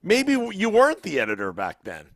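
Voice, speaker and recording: A man's voice: sits high, huge pitch swings, brisk, fairly bright tone, dry recording. A man hosting a sports podcast, talking easily and hesitantly with many restarts. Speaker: podcast host. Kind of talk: casual podcast chat.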